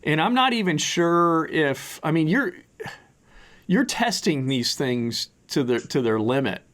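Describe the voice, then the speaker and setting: A fairly high-voiced man hosting a podcast in loose, casual conversation. He rambles a little, restarting sentences and filling gaps with "um" and "you know" as he chats with his guest. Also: expressive, measured pace, a bit bright. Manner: rambling, with frequent restarts and fillers. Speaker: podcast host. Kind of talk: casual interview chat.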